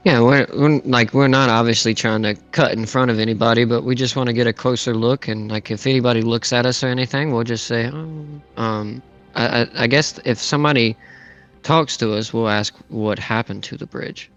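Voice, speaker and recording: A man's voice: mid-range voice, steady tone, fairly quick, fairly bright tone, lo-fi sound, faint music behind. A man playing a tabletop game casually, hesitant and repeating words. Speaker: player.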